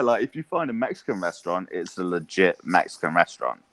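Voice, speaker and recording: Deep-voiced Englishman chatting casually. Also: fast, no echo. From England. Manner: relaxed, swears freely, lots of ums. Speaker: interview guest. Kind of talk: casual interview chat.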